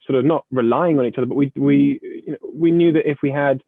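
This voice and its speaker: A young actor chatting in an interview, rambling and modest with frequent stuttered restarts. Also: male voice, medium pitch, quick pace, dry recording. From United Kingdom. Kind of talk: casual interview chat. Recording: tinny phone-like line.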